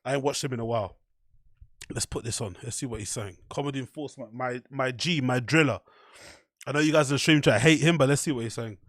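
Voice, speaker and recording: A man's voice: medium pitch, fast, no room sound, clean studio sound. A young man talking loosely to his live stream chat, laughing often and swearing casually.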